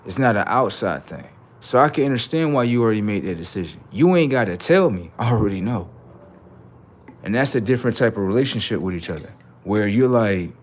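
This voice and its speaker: A man's voice: fairly low pitch, expressive, fairly quick. A man livestreaming, telling a story in casual, slangy speech and repeating phrases for emphasis.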